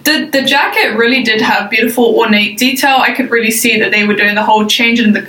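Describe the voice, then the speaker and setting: A woman's voice: a little high, fast, pushed and bright, distant mic. A woman co-hosting a casual chat, playful and cheeky, stretching words out for emphasis. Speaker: podcast co-host. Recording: roomy echo, from off-mic, faint hiss.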